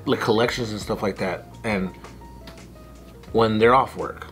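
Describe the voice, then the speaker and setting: A man's voice: on the low side, unhurried, soft background music. A man telling a funny story in casual chat, often slipping into comic voices. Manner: animated, swings into comic voices for his stories. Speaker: guest. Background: group laughter.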